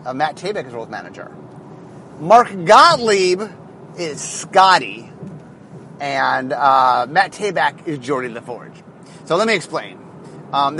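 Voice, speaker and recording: A head designer delivers a casual, rambling monologue, packed with fillers and restarts, in a high and very animated voice. Car road noise is clearly audible underneath.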